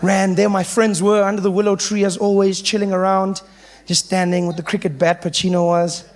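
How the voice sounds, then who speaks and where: A man, telling a stand-up story in an animated way. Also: high-pitched, fairly quick. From South Africa. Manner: animated, slipping into voices of the people in his story. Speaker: stand-up comedian.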